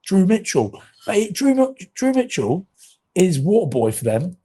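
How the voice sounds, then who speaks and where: A man's voice: a little high, lively intonation, normal speed, warm tone, slightly rough. A man in his thirties, a podcast co-host, telling rambling comic stories in casual chat and swearing freely.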